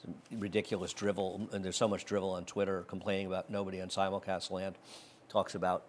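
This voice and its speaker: A fairly low-pitched man hosting a horse racing show. He talks through his betting picks in a blunt, animated way, sure of his opinions. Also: quick pace, slight background noise. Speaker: racing handicapping show host. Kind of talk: casual betting analysis chat.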